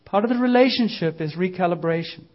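A man preaching a sermon in a church, lively and using a prop as a visual aid. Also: high-pitched, fast talker, dull audio.

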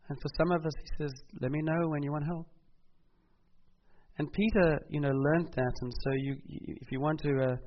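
A man's voice: mid-range voice, creaky. A middle-aged man, a pastor from South Africa, preaching a sermon earnestly and building to emphatic passages. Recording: slightly dull recording with faint noise.

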